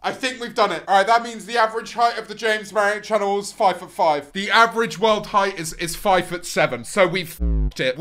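A British man in his twenties with a fairly high voice and a sharp, bright tone. He streams casual reaction commentary, sweary and sarcastic, sounding exasperated with his chat. He speaks into a desk mic indoors. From United Kingdom. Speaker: streamer host.

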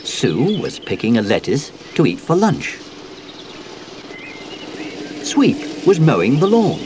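A man reading a children's picture book aloud, unhurried and very expressive. His pitch swings widely from line to line, with faint outdoor and birdsong ambience behind him. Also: background noise. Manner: slow, expressive read-aloud. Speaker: audiobook narrator.

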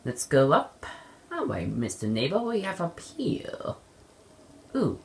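A young woman giving playful let's play commentary on a game, shouting in bursts and slipping into silly voices. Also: deep voice, huge pitch swings, measured pace, creaky, slight background noise. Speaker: gamer playing a horror game.

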